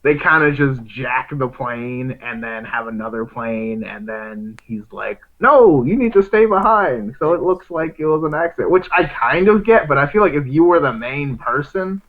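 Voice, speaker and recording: A man's voice: medium pitch, normal speed, few pauses. A man in a casual film discussion, hesitant and easygoing, hedging his guesses. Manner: hesitant, easygoing, laughs things off. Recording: tinny phone-like line.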